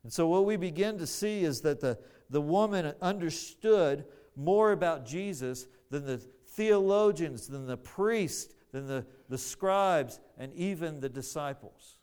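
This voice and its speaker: A man's voice: a little high, lively intonation, a little slow, hardly any pauses, a little mellow, clean tone. A man preaching a sermon, earnest, often repeating words as he searches for the phrasing.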